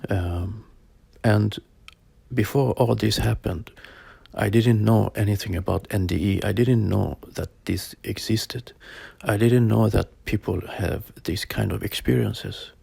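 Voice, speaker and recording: A man in his forties telling a personal story in a halting way, with plain phrasing and many pauses and fillers. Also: fairly low pitch, steady tone, creaky, warm tone, slightly rough, dry recording. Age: 40s. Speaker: storyteller sharing a personal experience. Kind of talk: personal spoken account.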